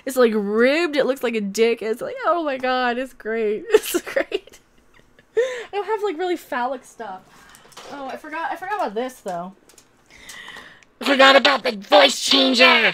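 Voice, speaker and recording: A woman's voice: high voice, bright, forceful tone. A woman hosting a live stream, chatting casually with her viewers in a rambling, candid way and swearing freely.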